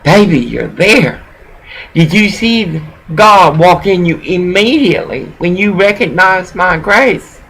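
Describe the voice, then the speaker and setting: A man's voice: sits high, lively intonation, slow pace, a bit bright, slightly rough, rough recording. A man who is a pastor, giving a rambling, profane preaching rant as he lectures someone directly.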